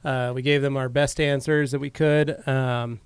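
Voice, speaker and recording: A man's voice: mid-range voice, flat delivery, a little slow, smooth, no echo. A man co-hosting a podcast, telling an easygoing story in casual chat with lots of fillers. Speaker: podcast co-host.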